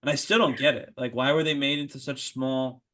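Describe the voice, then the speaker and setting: A man's voice: medium pitch, fairly even intonation, a little fast, pushed and bright. An American man hosting a podcast in casual chat. He is easygoing, laughs often and restarts his sentences. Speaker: podcast host.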